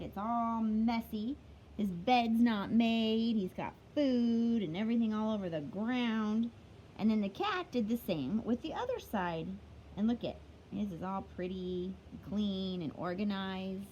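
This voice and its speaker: A woman's voice: on the high side, a little mellow, lo-fi sound, a little hiss or hum. A woman teacher reading a picture book aloud to children, chatty, stopping to explain words along the way.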